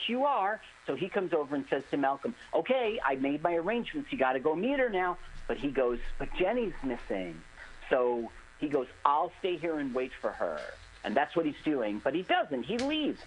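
Animated male radio co-host. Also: a little high, normal speed, slight background noise, low-quality recording. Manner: animated, retells scenes in quoted voices. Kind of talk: casual movie riffing chat.

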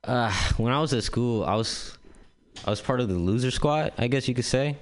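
A man's voice: medium pitch, normal speed. A young man doing stand-up, telling a rambling, profane story full of "like" and "dude". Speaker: stand-up comedian. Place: comedy club stage.

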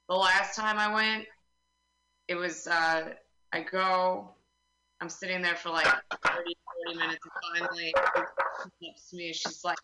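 A young woman doing a stand-up comedy set, deadpan and self-mocking, acting out the voices of people in her stories. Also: lowish voice, unhurried, long pauses, noisy background. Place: comedy open mic venue. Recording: roomy live venue sound.

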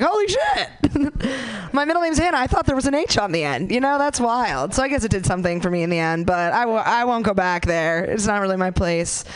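A woman's voice: fairly high pitch, smooth, no echo. A young woman doing a stand-up comedy set, crude and self-mocking, rambling with lots of likes and you knows. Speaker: stand-up comic.

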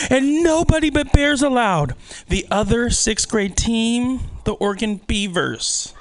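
A man's voice: high voice, animated, measured pace, a bit bright, a little hiss or hum. A man in his twenties doing a stand-up comedy set in a small club, profane and self-deprecating, laughing at his own jokes. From California.

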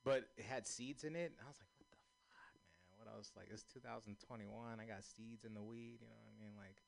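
A man's voice: fairly low pitch, steady tone, fast talker, vocal fry, slight background noise. A young man doing a stand-up set, telling loose, profane, rambling stories and laughing at his own jokes. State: high. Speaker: stand-up comedian.

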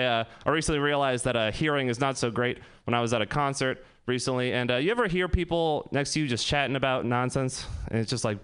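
A man's voice: a little high, fairly bright tone, smooth. Young male comic for a club set: casual, crude, giggly storyteller with a clean, resonant tone. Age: 20s. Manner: loose, laughing, profane storytelling. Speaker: stand-up comedian. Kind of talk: stand-up comedy set.

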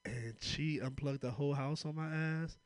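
A man's voice: fairly high pitch, normal speed, no echo. A young man from Oakland doing a loose, rambling stand-up set full of laughter. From Oakland, California. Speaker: stand-up comedian.

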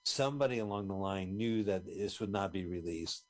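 Lower-voiced man reminiscing casually. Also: moderate pace. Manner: chatty, reminiscing, hesitant restarts. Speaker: podcast co-host. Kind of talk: casual chat watching a film.

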